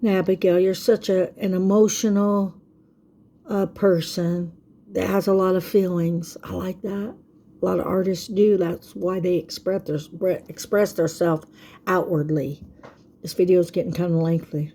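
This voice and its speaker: Older folksy woman, warm voice. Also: on the low side, steady tone, a little slow, a little hiss or hum. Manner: folksy and preachy, checks in with "okay?". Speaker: vlogger. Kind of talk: casual faith-themed talk to camera.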